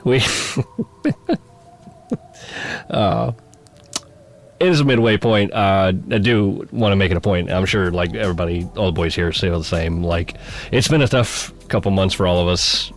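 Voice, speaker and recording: A man's voice: sits low, measured pace, pauses often. A man co-hosting a book club podcast in casual chat, jokey and rambling, laughing often. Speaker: podcast co-host.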